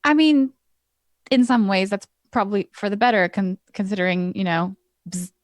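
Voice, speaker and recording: Woman player, mid-pitched, halting and casual, dry close sound. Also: animated, no echo. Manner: hesitant, full of "like" and "um". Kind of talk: casual tabletop play.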